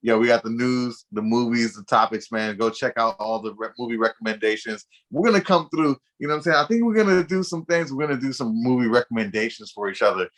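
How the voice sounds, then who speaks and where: A man's voice: medium pitch, animated, fast, hardly any pauses, a bit bright. A man co-hosting a casual podcast, talking in emphatic, slangy, profane bursts. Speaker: podcast co-host. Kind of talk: casual chat.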